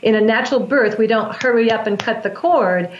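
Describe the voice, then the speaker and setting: Speaking fairly quickly in a slightly high voice, a breath work practitioner guests on an interview show. She explains her practice in an earnest, teaching style, restarting often, and the audio is roomy and dull with a lo-fi quality.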